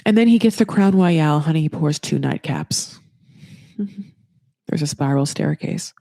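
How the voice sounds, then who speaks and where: A woman's voice: deep voice, expressive, unhurried, gravelly, dark tone, no echo. A woman hosting a podcast, recapping a reality TV show in a chatty, sarcastic, freely swearing way with plenty of fillers. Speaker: podcast host.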